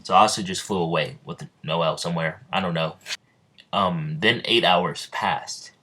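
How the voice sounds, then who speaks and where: A young man tells an improvised fan story in a loose, rambling way, stopping often to restart his sentences. His voice sits very low. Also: unhurried, bright, forceful tone. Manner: rambling, full of ums and restarts.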